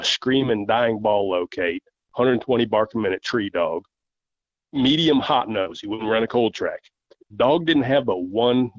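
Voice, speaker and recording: A man, a podcast guest telling hunting stories in an unhurried, folksy way. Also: lowish voice, no echo, muffled recording. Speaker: guest, coonhound handler. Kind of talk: storytelling in casual interview.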